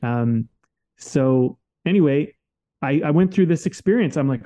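A man's voice: mid-range voice, moderate pace, gravelly, dark tone. A man co-hosting a podcast in casual conversation, talking candidly and emphatically and swearing freely. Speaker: podcast co-host.

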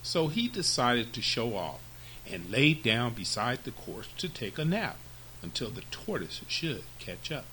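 A man's voice: mid-range voice, a little slow, poor audio. A male podcast host reading fables aloud for children. His mid-range voice swoops up and down with great expression. A faint hiss sits under the recording. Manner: very expressive, lively narration.

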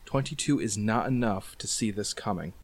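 A man with a fairly low-pitched voice acts as game master for a tabletop game. He explains the rules and describes scenes briskly, with fillers along the way.

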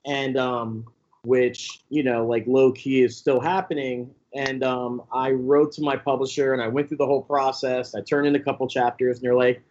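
A young man, a pastor and author, telling his story as a guest in a casual interview, animated, with many fillers and mimicked voices. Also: medium pitch, normal speed, lo-fi sound. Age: young adult.

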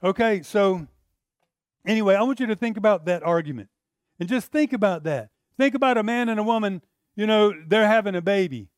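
A man's voice: sits high, animated, a little fast, no room sound, clean studio sound. A middle-aged man, preaching a sermon in a conversational style that rises to emphatic outbursts. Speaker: pastor.

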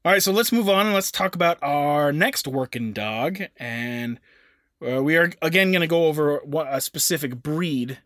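A man co-hosting a podcast in casual chat, easygoing and halting with frequent restarts. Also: a little high, animated, a bit bright, no echo, studio quality. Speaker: podcast co-host.

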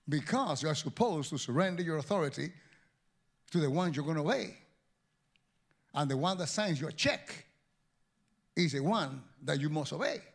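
A male pastor delivers a sermon in a high, gravelly voice that swoops up and down with energy. He jokes with people in the congregation and turns them back to his point. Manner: animated, joking with the congregation.

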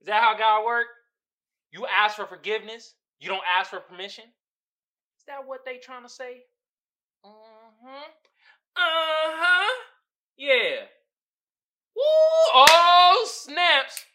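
A man hosting a podcast, riffing on memes in casual comedic commentary. He swears freely, laughs often and swings between loud whoops and low mutters. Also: measured pace, long pauses. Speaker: podcast host.

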